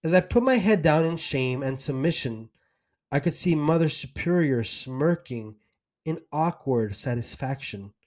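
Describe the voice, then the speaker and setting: A man tells his own story as a podcast host, earnest and emotionally invested in what he recounts. His voice sits a little higher than most men's, and he takes his time with each sentence. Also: animated, a little slow, a little mellow. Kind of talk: first-person storytelling.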